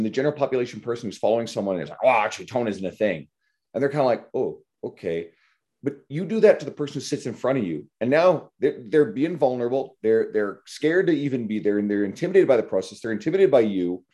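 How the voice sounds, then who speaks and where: A man with a mellow, mid-range voice hosts a podcast, speaking bluntly and animatedly about coaching. He swears freely throughout this casual conversation.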